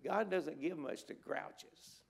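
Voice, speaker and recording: A middle-aged man delivers an emphatic sermon from a church pulpit. His voice is gravelly and pitched a little high. He exhorts the listeners and repeats key words to drive his points home. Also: slow. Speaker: preacher. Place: church sanctuary at a conference.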